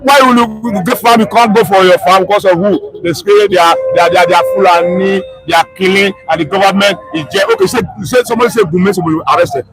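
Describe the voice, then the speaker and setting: Nigerian man, street vox pop, pidgin-tinged, impassioned, high-pitched. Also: fast talker, hardly any pauses, over music, low-quality recording. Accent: Nigerian Pidgin-tinged English. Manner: impassioned, repetitive, emotional. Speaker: street interviewee. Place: outdoor street.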